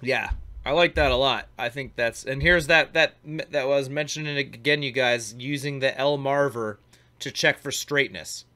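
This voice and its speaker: A man's voice: mid-range voice, moderate pace, bright, forceful tone. A man hosting a casual glassblowing talk show, chatting loosely with slang while commenting on a demo. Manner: laid-back, slangy, talks over a glassblowing demo. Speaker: host.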